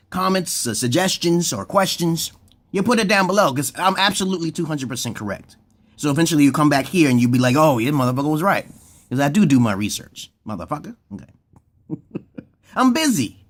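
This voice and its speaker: A man vlogging a rambling comedic monologue, swearing freely, drifting off topic and jumping suddenly into a high, excited voice. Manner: profane, digressive, often breaks into laughter.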